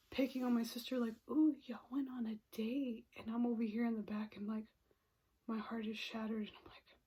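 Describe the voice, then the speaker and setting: A young woman with a slightly high, mellow voice that carries a soft breathy rasp. She tells a personal story in a casual, confiding way. She sighs often and slips into whispered asides. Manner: frequent sighs and breathy pauses. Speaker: vlogger telling a personal story.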